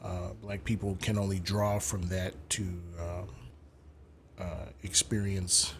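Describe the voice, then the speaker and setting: A man's voice: low-pitched, flat delivery, slow pace, slight background noise. A man hosting a live stream, lecturing and debating callers in an emphatic way, swearing casually.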